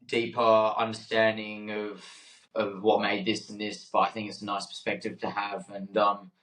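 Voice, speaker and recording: A young man co-hosting a casual podcast speaks at normal speed in a fairly low, monotone but fairly bright voice, with poor audio quality. He hesitates a lot, restarts often, uses many fillers, and laughs readily.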